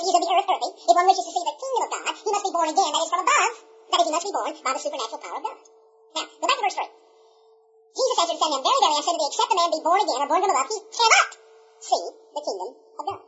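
A woman's voice: sits high, a bit bright, slight background noise. A woman preacher giving an emphatic sermon, repeating key points and quoting scripture, on a dull lo-fi recording.

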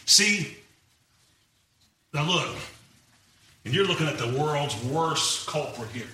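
A middle-aged preacher delivers an emphatic, folksy sermon, his high voice leaping up and down with great animation. His tone is very bright and ringing. He sounds far from the mic, in a very echoey church room. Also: lively intonation, slow, slight background noise.

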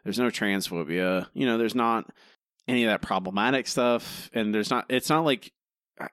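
A man co-hosting a podcast, chatting casually in an animated, exasperated way and laughing often. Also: fairly low pitch, moderate pace, no echo. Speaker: podcast co-host. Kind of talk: casual chat.

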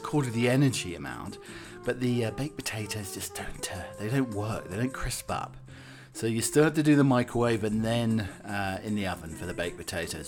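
A man with a British accent rambling theatrically in a comic chat, a little out of breath. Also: on the low side. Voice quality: theatrical, jokey, rambling with restarts. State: slightly out of breath. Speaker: comic vlogger playing a butler persona. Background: background music.

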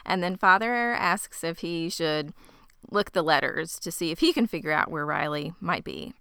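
A woman co-hosting a podcast, retelling a show's plot in animated, casual chat. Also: deep voice, normal speed, vocal fry, clear, resonant tone, no echo, clean studio sound. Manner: animated storytelling, acting out quoted characters with frequent laughs. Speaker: podcast co-host.

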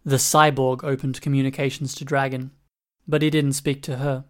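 A male audiobook narrator with a steady, even reading style. His pitch sits in a middle register and hardly moves, so the delivery sounds controlled and measured throughout.

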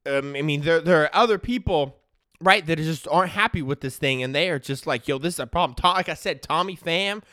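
A man's voice: a little high, moderate pace, no room sound, studio quality. A man giving a casual, opinionated sports-talk rant, full of slang and "right?" tags. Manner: animated, slangy, peppered with "right?" and "dude"; opinionated, ranting. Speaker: sports commentator.

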